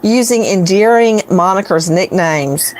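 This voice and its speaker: A woman guest in casual chat, telling stories with wry, quick asides. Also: medium pitch, a little mellow, poor audio. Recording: faint background noise.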